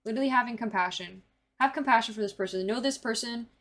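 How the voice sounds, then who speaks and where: A woman's voice: fairly high pitch, fast, a bit bright. Rambling young woman reading tarot. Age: early 20s. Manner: rambling, filler-heavy, swears casually. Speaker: tarot reader.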